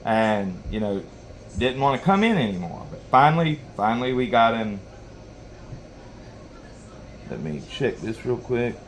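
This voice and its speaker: A man with a drawl spins a hunting yarn in casual, meandering fashion, circling back and restarting his sentences. His voice sits at an ordinary middle pitch. A faint noise runs underneath the recording. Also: lively intonation, moderate pace. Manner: rambling, folksy, lots of you-knows and restarts. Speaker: knife sharpening channel host. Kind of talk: casual storytelling while sharpening.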